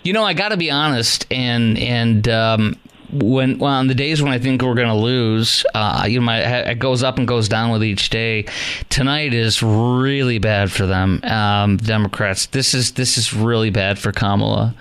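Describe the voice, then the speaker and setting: Male call-in radio host, smooth studio voice, warm "brother" rapport with callers. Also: medium pitch, normal speed. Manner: friendly, calls callers brother. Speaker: radio talk show host.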